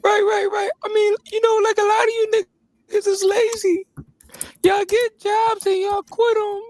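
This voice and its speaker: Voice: extremely high pitch, level tone, darkish tone, dry recording. A caller voicing a boastful, mocking immigrant man. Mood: taunting. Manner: taunting, teasing, drawn-out words.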